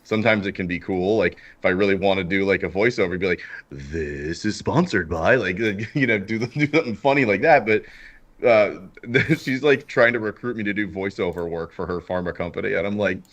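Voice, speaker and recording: A man hosting a casual car podcast, his voice deep, smooth and husky from a cold, talking in a laid-back way with chuckles and fillers. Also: fairly quick, fairly bright tone, highs cut off. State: sick, husky voice. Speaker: podcast host. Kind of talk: casual chat.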